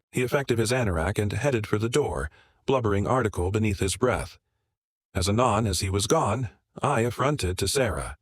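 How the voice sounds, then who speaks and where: A man narrating a first-person drama story in a steady, measured way. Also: on the low side, dry recording, studio quality.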